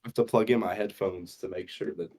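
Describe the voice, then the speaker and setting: A man joining a casual sports podcast as a guest, an excitable fan who openly vents his frustration. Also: low voice, fast.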